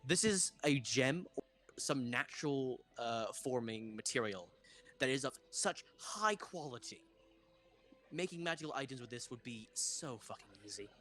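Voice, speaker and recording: A man's voice: medium pitch, animated, normal speed, a bit bright, faint music behind. A man narrating as game master in a casual, loose way.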